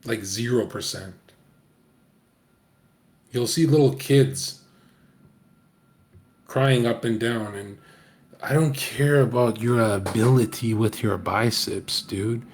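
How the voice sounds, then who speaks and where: A man's voice: mid-range voice, takes it slowly, long pauses, a little mellow. A man streaming, rambling through casual commentary to his viewers, profane and joking.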